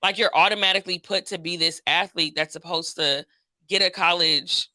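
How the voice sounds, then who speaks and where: Bright, dry-sounding podcast host. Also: mid-range voice, fairly even intonation, moderate pace, dry recording. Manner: affirming, frequent "yeah". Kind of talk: casual conversation.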